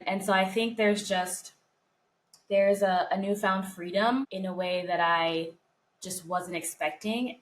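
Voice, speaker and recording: A co-host on a casual podcast, this woman speaks with heartfelt reflection about her faith and is on the verge of tears. Her fairly low, fairly bright voice comes through a rough recording.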